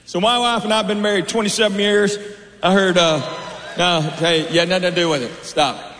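A man's voice: high voice, fairly even intonation, fairly quick, a bit bright. A middle-aged man doing a stand-up comedy set on stage, telling dry, conversational stories with asides to the crowd. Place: large hall on stage. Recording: roomy hall reverb, faint noise.

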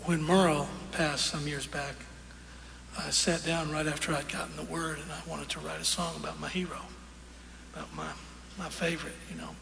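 A man with a gravelly, slightly high voice tells a folksy story from a concert stage. The sound is roomy, with a long echo from the hall and audience noise clearly heard behind him. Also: flat delivery. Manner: folksy, unhurried, with fillers and quoted dialogue. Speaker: singer telling a story on stage. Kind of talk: onstage storytelling.

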